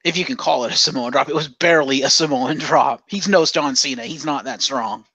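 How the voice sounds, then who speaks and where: A man co-hosting a casual wrestling podcast with a bright, forceful tone. He rants sarcastically and swears freely. The sound is close and dry. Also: mid-range voice, fairly quick, dry recording, poor audio. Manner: sarcastic, profane ranting. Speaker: podcast co-host.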